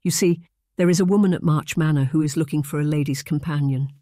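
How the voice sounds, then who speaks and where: A man's voice: fairly high pitch, steady tone, quick pace, warm tone, no echo, studio quality, close to an everyday voice. A man voicing a gracious cheerful noblewoman. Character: kindly cheerful middle-aged noblewoman employer.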